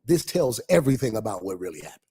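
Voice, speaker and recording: A man hosting a pastor's livestream in a casual, animated way, repeating phrases and reading viewer comments aloud. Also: fairly low pitch, fast, slightly rough.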